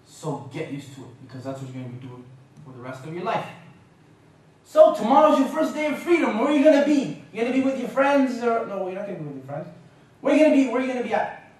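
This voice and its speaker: A woman's voice: deep voice, racing, a little mellow, close to an everyday voice. A man imitating a stern mother who scolds her son bluntly and mockingly, in a lecture hall. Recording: echoey lecture hall from far off.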